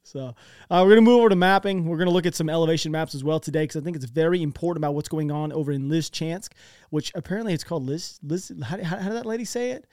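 A man's voice: on the high side, racing, darkish tone, dry recording, clean studio sound. An American man giving casual, rambling commentary over war maps, talking in a chatty way with many restarts.

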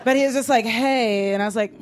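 A woman with a fairly high voice co-hosts a comedy podcast in front of a live crowd. She tells stories with animated energy and acts out other people's voices. She swears freely as she goes. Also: fast. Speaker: podcast co-host. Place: live show stage with audience.

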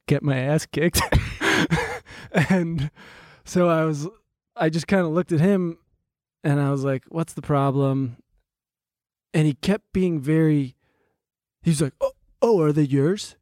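Man, podcast co-host, casual joking storyteller, slightly high voice, dry sound. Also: darkish tone, no echo. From United States. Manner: laid-back, swears freely, jokes and cheers the other host on.

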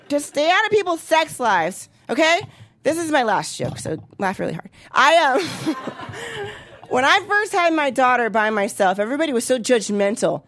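High-pitched thirty-something woman doing stand-up, brash and swearing a lot. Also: moderate pace. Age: 30s. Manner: brash, profane, animated with voiced impressions. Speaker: stand-up comedian. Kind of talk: stand-up comedy set.

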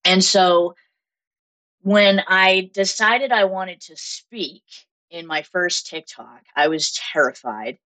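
Guest spot: young woman, Massachusetts accent, low voice, lively storyteller who laughs easily. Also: slow pace, rough recording. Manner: animated storytelling, laughs often. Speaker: guest makeup artist. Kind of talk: casual interview chat.

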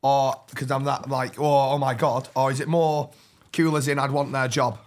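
Brief: excitable man, mid pitch, chatty podcast guest. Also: moderate pace. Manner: excitable, effusive about food. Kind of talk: casual chat.

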